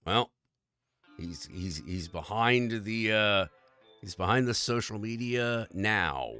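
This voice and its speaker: A man's voice: on the low side, animated, takes it slowly, bright, forceful tone, smooth, soft background music. A man hosting a livestream, in an earnest, rambling and profane rant about society. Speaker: livestream host. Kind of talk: casual political rant.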